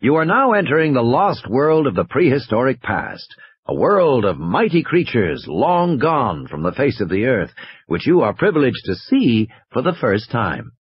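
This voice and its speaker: A man's voice: mid-range voice, big pitch swings, slightly rough, dry recording, dull audio. A man voicing a sonorous, stately male narrator of a recorded park tour. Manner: stately, measured.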